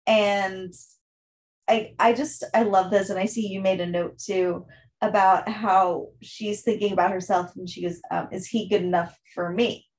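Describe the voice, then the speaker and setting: A woman co-hosting a book podcast recaps a plot casually, chatting her way through it with lots of filler words. Her mid-range voice is unhurried, fairly even in intonation and a little mellow, with slight background noise behind her.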